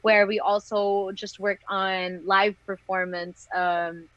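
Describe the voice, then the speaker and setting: A young woman talks openly about her singing, often breaking into a laugh between thoughts. Her voice sits at an ordinary pitch for a woman. It comes through a video call with a muffled, lo-fi tone and no room sound at all. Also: flat delivery, slow pace, dry recording. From Philippines. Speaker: singer, interview guest. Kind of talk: casual interview chat.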